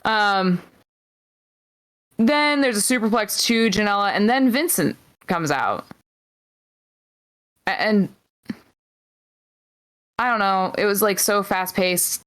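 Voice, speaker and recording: A woman co-hosting a podcast, casually recapping wrestling matches move by move with frequent pauses. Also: medium pitch, lively intonation, a bit bright. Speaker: podcast co-host.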